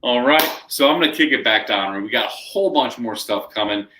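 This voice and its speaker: A man co-hosting a live shopping show, pitching comic books with hyped, emphatic salesman patter. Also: animated, a little fast, sharp tone. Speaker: co-host selling comics.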